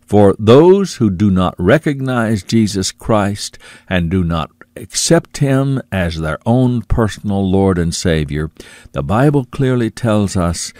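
A man preaching a sermon, earnest, repeating phrases for emphasis and dropping low and quiet on asides to the listener. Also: animated, slow, dry recording.

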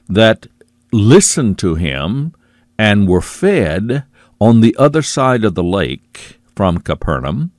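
Slow, lively-pitched male preacher. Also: dry recording, studio quality. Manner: earnest, repeats phrases for emphasis, drops low on "my friend". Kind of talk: sermon.

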